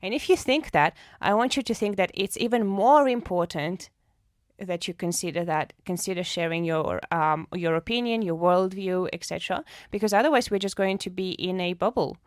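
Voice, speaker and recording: Woman co-host, lowish voice, dry close sound, casual joking podcast chat. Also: moderate pace, no echo. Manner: joking, earnest when encouraging listeners.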